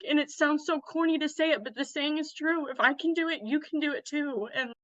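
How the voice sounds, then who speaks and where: A woman with a bright, forceful voice tells her story in a loose, animated way, laughing often and speaking bluntly. The recording is dull and lo-fi, and very dry. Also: high-pitched, a little fast, dry recording. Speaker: guest, Western fashion influencer. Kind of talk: casual storytelling.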